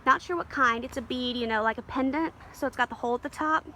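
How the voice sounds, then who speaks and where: A woman's voice: high voice, quick pace, bright, forceful tone, slight background noise. A woman walking through her home garden outdoors, talking in a rambling, easygoing way with lots of fillers and small apologies while filming it herself. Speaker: garden vlogger. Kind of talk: casual garden tour. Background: faint outdoor ambience, passing planes.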